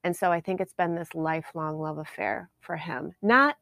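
A woman in her forties co-hosts a casual podcast from home, teasing and laughing easily. Her voice sits a little low, recorded close and dry. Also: normal speed, vocal fry, sharp tone, no echo. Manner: playful, laughs often. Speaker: podcast co-host. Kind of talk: casual chat.

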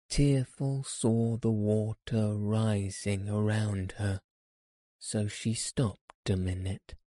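A man reads a children's story aloud in a low, mellow voice, gently and very slowly. The recording is dry and close, with no room sound. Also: flat delivery, no echo.

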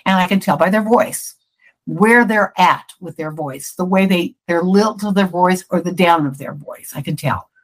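A woman's voice: on the low side, normal speed, poor audio. Brief: middle-aged woman, psychic guest, chatty and self-interrupting. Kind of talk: casual interview chat.

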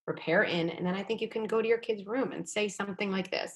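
A woman psychologist speaking as a guest in a conversational podcast interview, animated and often acting out quoted thoughts. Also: medium pitch, fast talker, hardly any pauses. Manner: animated, acts out quoted thoughts in little voices.

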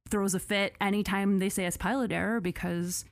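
A woman co-hosting a podcast, telling a story in casual chat who swears freely and climbs sharply in pitch when she gets outraged. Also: steady tone, fairly quick, creaky, dry recording. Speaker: podcast co-host.

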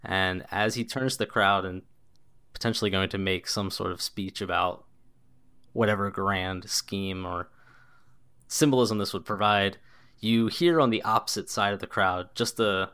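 A man's voice: on the low side, fairly even intonation, unhurried, long pauses, fairly bright tone, clear, resonant tone. A man narrating as game master of a tabletop game, in a loose, descriptive way with lots of casual filler words.

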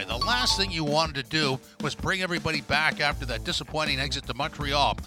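A man's voice: a little high, a little fast. Upbeat man hosting over music. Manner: upbeat, emphatic verdicts. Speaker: podcast host. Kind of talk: scripted segment hosting.

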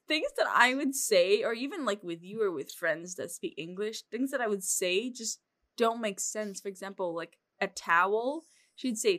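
A woman's voice: medium pitch, animated, a little slow, a bit bright. A young woman co-hosting a podcast, chatting casually and laughing often. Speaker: podcast co-host. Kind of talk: casual chat.

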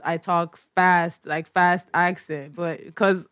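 A woman's voice: fairly low pitch, flat delivery, takes it slowly, fairly bright tone, dry recording, studio quality. Nigerian woman chatting as a guest. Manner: laughs often, speaks readily. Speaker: podcast guest. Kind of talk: casual chat.

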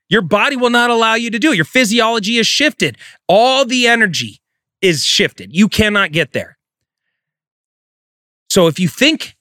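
A man's voice: sits high, very animated, moderate pace, pauses often, bright, forceful tone, dry recording, studio quality. A man giving a profane, emphatic motivational talk as a real estate coach. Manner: intense, profane, emphatic delivery.

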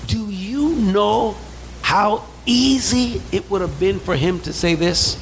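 Male pastor, high gravelly voice, call-and-response sermon, faint hiss behind. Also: slow, rough recording. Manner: preaching with call-and-response, building to shouts; acts out quoted voices in asides. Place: church sanctuary.

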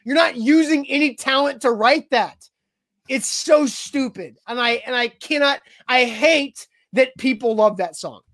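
A man's voice: very high voice, measured pace, a bit bright. A man co-hosting a sports talk show, ranting emphatically in a casual, exasperated way.

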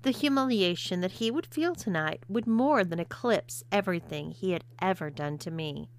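A woman's voice: medium pitch, expressive, normal speed. A woman narrating an erotic story in a teasing, seductive way. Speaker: audiobook narrator.

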